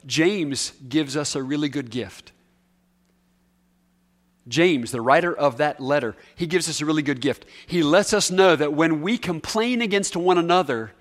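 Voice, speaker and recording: A male pastor delivering a sermon in a slightly high voice. He talks with emphasis, repeats key words and swings between loud, stressed phrases and soft, quiet ones.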